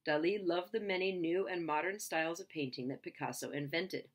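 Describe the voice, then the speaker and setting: A woman reading a children's picture book aloud in a lively, expressive way. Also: lowish voice, a little fast, slight background noise. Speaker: reader.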